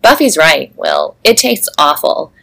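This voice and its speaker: A woman's voice: sits low, very animated, measured pace, vocal fry, fairly bright tone, slightly rough, exaggerated voice. Woman reading a jittery teen boy, with only a little voice acting. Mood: plain. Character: nervous teenage boy, junk-food eater. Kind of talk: fan fiction read aloud.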